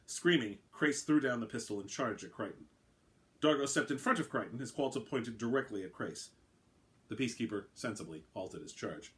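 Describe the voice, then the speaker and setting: A man narrating his own story aloud in a brisk, wry way. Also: fairly low pitch, a bit bright.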